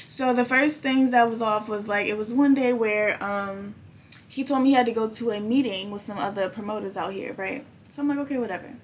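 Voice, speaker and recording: Animated young woman telling a story. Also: a little high, a little fast, a little hiss or hum. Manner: animated, swears freely, acts out quoted dialogue. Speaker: podcast host. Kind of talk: casual storytelling chat.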